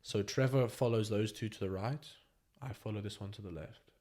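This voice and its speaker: Animated young man telling a story. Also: lowish voice, normal speed. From Botswana. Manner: animated, slangy, keeps saying "bro". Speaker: podcast guest. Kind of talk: casual storytelling.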